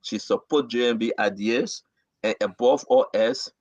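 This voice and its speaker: A man hosting and moderating a call-in talk show, animated and directing callers. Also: medium pitch, a little slow, dull audio.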